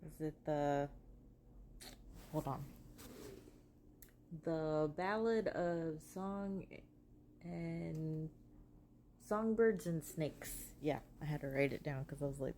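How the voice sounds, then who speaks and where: A woman's voice: low-pitched, steady tone, slow pace, long pauses, dark tone, a little hiss or hum. A woman giving a casual, rambling movie review, full of ums, restarts and self-corrections.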